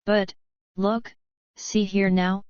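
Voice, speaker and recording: A woman voicing a gruff old bush cattleman. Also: medium pitch, little pitch movement, slow, darkish tone, no echo, lo-fi sound, close to an everyday voice. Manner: brusque and bossy. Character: gruff older male bush cattleman, broke and blustering.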